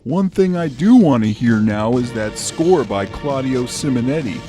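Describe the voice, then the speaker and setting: A man's voice: mid-range voice, animated, moderate pace, over music. A man hosting a comedic review show, ranting about movies in a sarcastic, grumbling way. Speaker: host.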